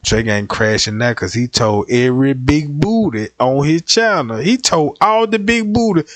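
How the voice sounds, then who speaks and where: A man's voice: mid-range voice, expressive, moderate pace, hardly any pauses, no echo. A young man livestreaming, telling profane, rowdy comic stories in a casual ranting way.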